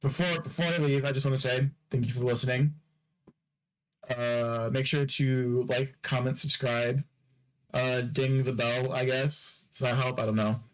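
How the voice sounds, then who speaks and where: A man's voice: mid-range voice, steady tone, measured pace, low-quality recording. A man hosting a podcast, rambling through a casual solo sign-off, joking with and teasing his listeners and repeating phrases over and over. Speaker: podcast host.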